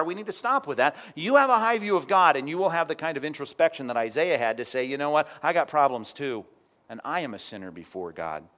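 Animated preaching man, higher voice. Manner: animated, conversational preaching with asides and rhetorical questions. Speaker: pastor. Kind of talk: sermon.

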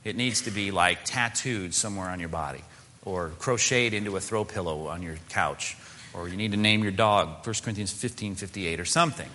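A male pastor preaching a conversational sermon, full of asides and rhetorical questions, sometimes mimicking whiny voices in a high pitch. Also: brisk, sharp tone, big-room sound, a little hiss or hum. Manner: mimics whining body parts in a high voice.

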